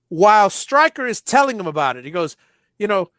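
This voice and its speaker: A middle-aged man co-hosting a podcast, telling stories in a casual, animated way, acting out movie lines and often restarting his sentences. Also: sits high, brisk, dry recording, clean studio sound. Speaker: podcast co-host. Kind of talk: casual nostalgic chat.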